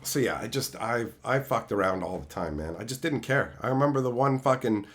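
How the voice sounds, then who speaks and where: A man's voice: mid-range voice, fairly quick. A man telling brash, profane stories in a casual stream chat. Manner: profane, brash, animated storytelling.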